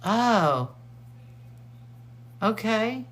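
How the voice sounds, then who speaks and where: Chatty, excitable woman host, unhurried. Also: mid-range voice. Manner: excitable, chatty, laughs often. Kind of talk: casual chat.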